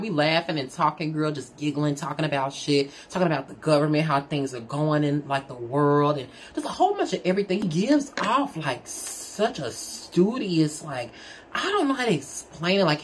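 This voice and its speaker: A woman telling a personal story in a casual, candid, chatty way, talking straight to her audience. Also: slight background noise. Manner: chatty, candid, addresses the audience as "girl" and "y'all"; animated, with big swings in pitch. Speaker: storyteller vlogger.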